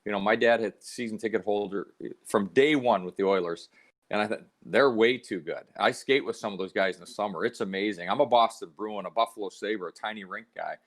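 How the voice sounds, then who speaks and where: A man's voice: fairly low pitch, a little fast. A middle-aged man from Canada, a hockey analyst, telling stories in a casual podcast chat and acting out the voices he quotes. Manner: animated storyteller, acts out quoted voices.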